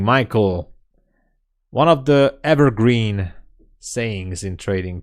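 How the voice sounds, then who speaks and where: A man hosting a live day trading stream, talking casually and reading chat messages aloud as he thinks out loud. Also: lowish voice, animated, takes it slowly, long pauses. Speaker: day trading livestream host.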